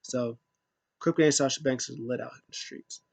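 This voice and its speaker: A man talks through a wrestling episode in a loose, rambling way, full of uhs and asides. His voice sits at an ordinary middle pitch. The sound is dry and close, with no room around it. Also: fairly even intonation, moderate pace, creaky, no room sound. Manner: rambling, filler-heavy retelling. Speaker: wrestling show reviewer. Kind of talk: casual recap chat.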